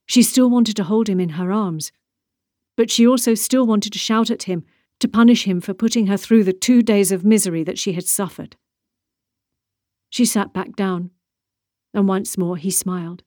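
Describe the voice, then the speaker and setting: A woman narrating a novel in a measured, steady way. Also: medium pitch, no room sound, studio quality. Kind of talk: audiobook narration.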